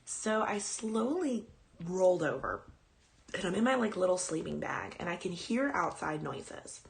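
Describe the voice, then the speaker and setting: A woman's voice: on the low side, very animated, a little slow, vocal fry. Chatty woman telling a spooky story. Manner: chatty, rambling, breaks off to coo at her dog. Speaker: podcast host. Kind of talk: casual live-stream storytelling.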